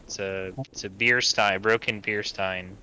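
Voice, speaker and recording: A man's voice: on the low side, fairly even intonation, a little slow, bright, forceful tone, clear, resonant tone, low-quality recording. A man playing in an online tabletop game, explaining the rules and thinking aloud in casual chat. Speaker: player.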